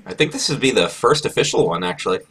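A man hosting a podcast in casual chat, talkative and quick to laugh. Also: on the low side, lively intonation, a bit bright, breathy edge, poor audio. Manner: chatty, laughs easily. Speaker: podcast host.

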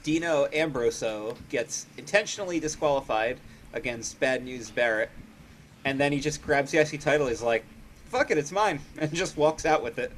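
A man's voice: mid-range voice, moderate pace, slight background noise. A man co-hosting a casual recap chat, running through events and laughing often. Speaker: podcast co-host.

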